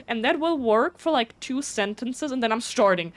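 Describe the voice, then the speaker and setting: Fast-chatting woman streamer, German native. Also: fairly high pitch, expressive. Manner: talks fast, stutters and restarts. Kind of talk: casual live-stream chat.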